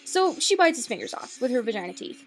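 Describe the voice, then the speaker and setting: A woman's voice: on the high side, very animated, fast, slight background noise. Sweary, sarcastic young woman rambling. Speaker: vlogger reviewing a film. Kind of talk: casual rambling film review.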